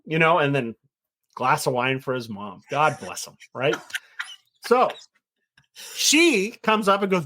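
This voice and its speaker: A middle-aged man, a winemaker, chatting casually and telling a lively story, acting out the voices of the people in it. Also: on the high side, measured pace. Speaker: winemaker guest. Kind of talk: casual chat.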